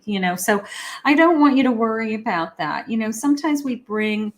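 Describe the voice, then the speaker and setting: A woman's voice: on the high side, animated, moderate pace. A woman, a psychic, giving a rambling, casual tarot reading with many fillers. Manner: acts out lovers' quoted lines.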